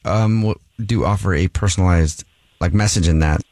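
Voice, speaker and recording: A man's voice: deep voice, normal speed, background noise. A man hosting a radio show, playfully posing as a gym employee on a prank phone call. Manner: playful, poses as gym staff. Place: radio studio.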